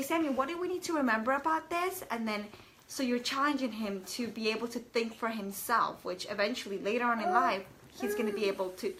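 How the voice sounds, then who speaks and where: A woman's voice: a little high, pushed and bright, slight background noise. A woman in her thirties chatting casually to camera as a parenting vlogger, rambling a little with fillers and restarts.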